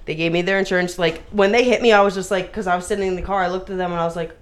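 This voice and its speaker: A woman's voice: on the low side, steady tone, very fast. A woman telling a story in casual chat among friends, rambling with lots of fillers. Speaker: podcast co-host.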